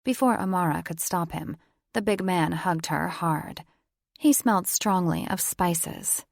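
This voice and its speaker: A woman narrating a romance audiobook in a measured, even storytelling voice. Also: fairly low pitch, creaky, dry recording, studio quality. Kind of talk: scripted narration.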